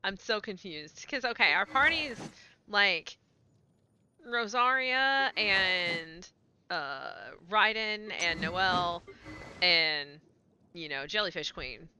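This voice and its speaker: A woman streaming a video game, chatting casually into a desk mic, swearing freely and swinging between low mutters and loud excited yelps. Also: slow pace, a little hiss or hum. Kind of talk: casual gameplay stream chat.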